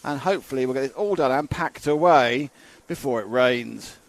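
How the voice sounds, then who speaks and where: A man's voice: mid-range voice, normal speed. Chatty male race commentator. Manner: chatty, joking asides between results. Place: commentary box at a racing circuit.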